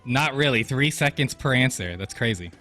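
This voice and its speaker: A man's voice: medium pitch, animated, moderate pace, bright, forceful tone, soft background music. A man on a casual podcast, answering quiz questions with short snappy replies. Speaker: podcast co-host and quiz contestant.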